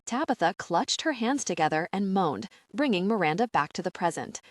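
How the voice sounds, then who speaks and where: A woman narrating an audiobook in a gentle storytelling manner. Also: medium pitch, sing-song, normal speed, no echo, studio quality.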